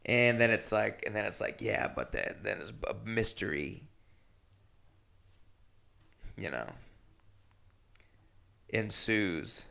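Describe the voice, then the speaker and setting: A man's voice: fairly low pitch, vocal fry, bright, forceful tone. A man hosting a solo podcast, rambling casually with chatty, self-mocking asides. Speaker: podcast host.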